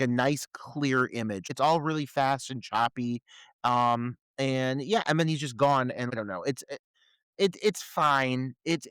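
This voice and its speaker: A man co-hosting a podcast, reviewing a movie in an animated, incredulous way and swearing freely. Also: mid-range voice, clean tone, no room sound. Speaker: podcast co-host. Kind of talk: casual movie review chat.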